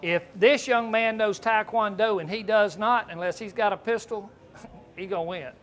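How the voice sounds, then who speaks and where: A man's voice: high-pitched, moderate pace, a bit bright. A man giving a folksy hunting seminar, joking and asking the audience questions. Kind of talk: folksy live seminar talk.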